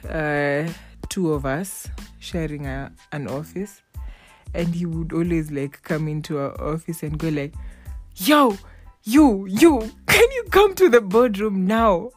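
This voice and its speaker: A young woman, chatting casually and telling stories, acting out the people she quotes and laughing often. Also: sits low. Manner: animated, laughing, acts out quoted voices. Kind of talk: casual storytelling chat.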